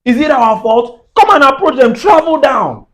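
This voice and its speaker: High-voiced ranting Nigerian man. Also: sing-song, moderate pace, fairly bright tone, rough recording. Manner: heated, preachy, laughing at his own jabs. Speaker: comedian. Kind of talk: comedic rant to camera.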